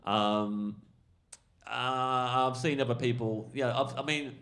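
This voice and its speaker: A male comedian telling a rambling, animated anecdote on a podcast, full of fillers. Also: medium pitch, slow. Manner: rambling, animated storytelling, lots of fillers and swearing. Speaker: comedian guest.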